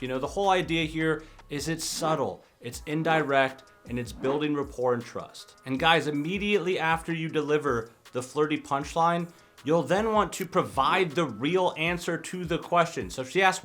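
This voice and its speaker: A man's voice: fairly high pitch, a bit bright. Casual young man coaching on dating. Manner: conversational, acts out example lines in quick asides. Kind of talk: casual talking-head advice vlog.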